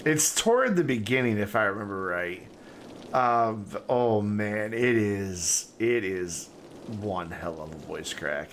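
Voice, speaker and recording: A man with a lowish, expressive voice talks slowly as he plays a city-building game on stream, thinking aloud in rambling sentences that trail off. His tone is fairly bright, with a little hiss or hum in the audio.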